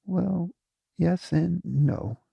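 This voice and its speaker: Jiajuja: timid female messenger from a male narrator, soft, halting, gravelly, audiobook. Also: sits high, dry recording, highs cut off, pitched above the performer's own voice, heavily acted. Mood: hesitant. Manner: hesitant, stammering softly.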